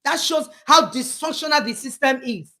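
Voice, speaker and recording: Woman, middle-aged, high voice, counselor, emphatic, preachy, pleading, repeats phrases, live talk. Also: lively intonation, moderate pace, pushed and bright. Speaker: counselor and church speaker. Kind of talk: impassioned live talk to viewers.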